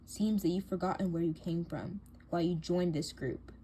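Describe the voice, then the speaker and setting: A woman's voice: on the low side, steady tone, normal speed, warm tone, lightly acted. A woman voicing a bossy, scheming teen girl in a doll drama, cold and taunting, with faint hiss behind her.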